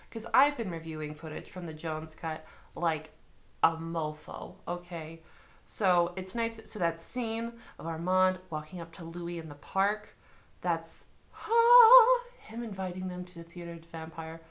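A young woman vlogging a reaction to a trailer, excitable and gushing, with casual swearing. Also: on the low side, measured pace.

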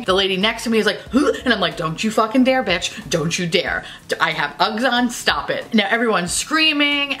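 A woman's voice: mid-range voice, sharp tone. A woman vlogger telling a story in a casual, joking, heavily profane way. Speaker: beauty vlogger.

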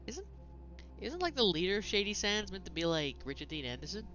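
A man's voice: high-pitched, sing-song, a little fast, highs cut off, over music. A man giving casual, self-mocking commentary while playing a video game, swearing and laughing often. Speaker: gaming let's-player.

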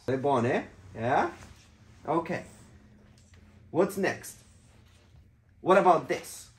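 A woman with a low voice gives a children's vocabulary lesson, drawing out each word and repeating it patiently. Her slow, deliberate speech carries the echo of a hotel room. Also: lively intonation. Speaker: parent teaching Italian to children.

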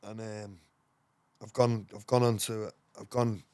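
A man's voice: lowish voice, level tone, a little slow, mellow, clear, resonant tone, no room sound. An English man, a podcast guest, tells a rambling story in casual, slangy talk and swears often. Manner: rambling, swears often, slangy, fillers like "you know what I mean".

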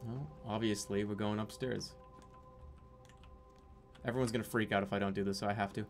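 A man's voice: lowish voice, fairly even intonation, fairly quick, soft background music. A young man giving casual, jokey commentary while playing a video game, easily exasperated. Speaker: streamer. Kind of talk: let's-play commentary.

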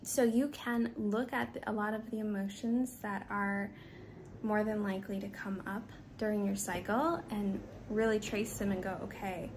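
A woman's voice: mid-range voice, a little hiss or hum. A woman talking candidly as a wellness coach, giving advice in a casual monologue and acting out the voices of others. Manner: candid, animated, acts out quoted apologies.

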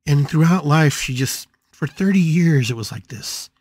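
A man's voice: on the high side, expressive, normal speed, darkish tone, slightly rough, no echo. A man hosting a spiritual podcast, telling a story with emphatic, dramatic repetition. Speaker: podcast host.

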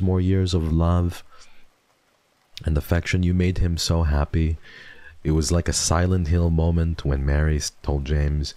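Young male streamer, very low and warm, close dry mic, repetitive and affectionate. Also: no room sound. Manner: rambling, repeats himself, soft and affectionate about dogs. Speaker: streamer host. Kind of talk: casual livestream chat.

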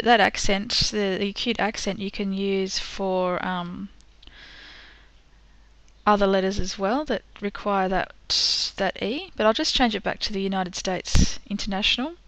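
A woman's voice: mid-range voice, unhurried, fairly bright tone, dry recording. Patient woman explaining step by step. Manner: patient, step-by-step, with frequent ums. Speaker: teacher. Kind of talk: screen-recorded software tutorial.

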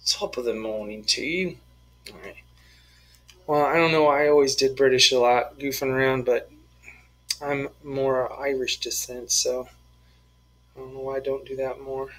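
A man's voice: mid-range voice, flat delivery, normal speed, pauses often, a bit bright, poor audio. A man teaching a math lesson, talking through each step of the problems in a playful, joking way. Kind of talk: screen-recorded math lesson, working problems aloud.

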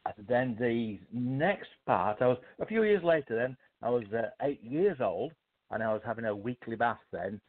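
An older man with a British accent, a guest author telling his life story in a modest, measured way with hesitant fillers. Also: mid-range voice, expressive. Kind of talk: storytelling in a casual interview. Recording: tinny phone-like line.

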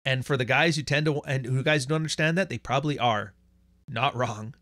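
A man's voice: on the high side, fairly quick, a bit bright, no echo, clean studio sound. A man hosting a livestream, talking bluntly with plenty of swearing as he reads out viewer donations. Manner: blunt, profane, reads out super chats. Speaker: livestream host. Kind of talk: casual livestream monologue.

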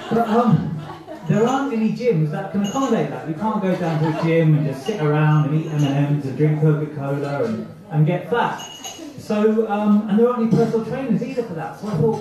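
A man's voice: fairly high pitch, expressive, normal speed, distant mic, crowd noise. A man doing a rambling, self-mocking stand-up set at an open mic night, acting out the voices in his head. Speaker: stand-up comedian. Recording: echoey, muffled amateur club recording from afar.

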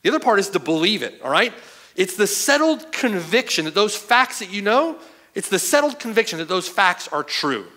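A man delivers a sermon from the pulpit in a high, bright voice that leaps and falls with emphasis. He drives home each point and checks with his listeners as he goes. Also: sing-song, moderate pace. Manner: emphatic, asks the hearers "right?" and "okay?" often. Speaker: pastor. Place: church sanctuary.

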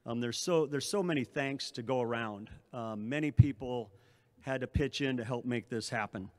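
A man's voice: medium pitch, moderate pace, a little mellow. A middle-aged man, an athletic director, speaking at a press conference, giving long thank-yous with frequent restarts and fillers.

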